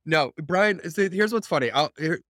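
A man's voice: fairly high pitch, expressive, normal speed, fairly bright tone, no room sound, studio quality. A man hosting a podcast, chatting casually and emphatically, swearing freely and often. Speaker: podcast host. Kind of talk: casual chat.

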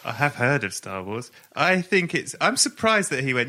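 Male podcast host, bright voice, encouraging, asks playful questions. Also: medium pitch, animated, normal speed, hardly any pauses. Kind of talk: casual interview chat.

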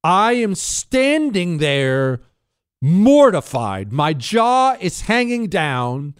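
Animated man telling a story. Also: high-pitched, extremely slow, clean tone, no room sound, studio quality. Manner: animated, dramatic retelling with sound effects. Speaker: radio show host. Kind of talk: storytelling and listener questions.

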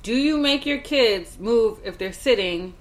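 Animated New woman telling stories. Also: fairly high pitch, a little slow. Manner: animated storytelling, laughing, quoting her daughter. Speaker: podcast co-host. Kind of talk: casual chat.

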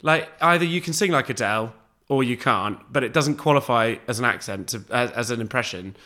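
A man's voice: medium pitch, a little fast, sharp tone. A man co-hosting a podcast, telling stories casually with plenty of ums and uhs. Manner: chatty storyteller, hesitant fillers. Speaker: podcast co-host. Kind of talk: casual chat.

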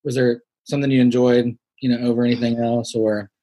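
A man in the host seat of a relaxed conversation, putting questions in an easy, friendly way. His voice sits in an ordinary middle range, and he chuckles along with his guest. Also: mid-range voice, brisk. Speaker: interviewer. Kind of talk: casual interview.

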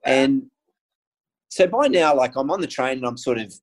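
A man's voice: mid-range voice, lively intonation, normal speed, low-quality recording. A man, a guest telling a personal story in casual conversation, earnest and candid, with frequent ums and restarts. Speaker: guest sharing his story.

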